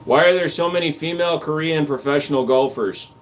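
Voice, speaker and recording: A man's voice: on the high side, fairly quick. Man joking crudely on a livestream. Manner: crude joking banter, reads comments aloud. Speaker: livestream host reading chat. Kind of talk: casual livestream chat.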